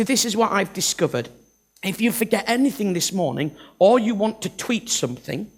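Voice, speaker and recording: Man preaching, lively pitch swings and a gravelly edge, jokey and self-mocking. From north of England. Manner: humorous, self-deprecating, acts out Bible characters. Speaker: visiting preacher. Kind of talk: sermon.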